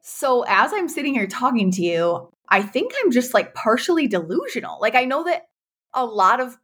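A woman's voice: on the high side, very animated, moderate pace, a bit bright, husky. A woman in her thirties, a guest on a podcast, talking candidly about her business and laughing often. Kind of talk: casual interview chat.

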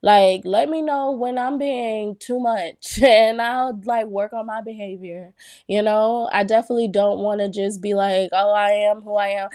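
Chatty young woman, dark mellow voice. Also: mid-range voice, measured pace, no room sound, studio quality. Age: young adult. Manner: chatty, animated, frequent "like" and "y'all", laughs often. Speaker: podcast host. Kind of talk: casual solo talk.

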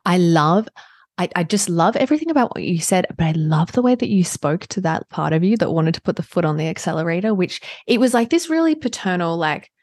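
A woman with a somewhat low, husky voice hosts a relaxed podcast talk. She affirms her guest warmly and murmurs agreement often. Her voice sounds close and dry. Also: fairly quick, dry recording. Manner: warm, affirming listener, frequent agreeing murmurs. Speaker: podcast host. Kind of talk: casual podcast conversation.

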